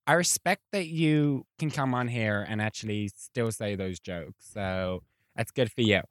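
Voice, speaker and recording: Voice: medium pitch, unhurried, dry recording, clean studio sound, lightly acted. A performer putting on an earnest young American male exchange student, hesitant and preachy. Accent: put-on American.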